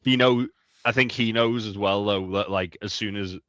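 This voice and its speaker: Lower-voiced man, lo-fi sound. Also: steady tone, normal speed, fairly bright tone, no room sound. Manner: rambling, emphatic, swears freely. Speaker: podcast co-host. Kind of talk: casual TV recap chat. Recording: dull, lo-fi, dry sound.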